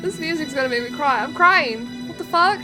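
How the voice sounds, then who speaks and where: A woman streamer giving casual let's-play commentary, excitable and swearing, reacting with gasps. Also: sits high, normal speed. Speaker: gaming streamer. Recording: game music in the background.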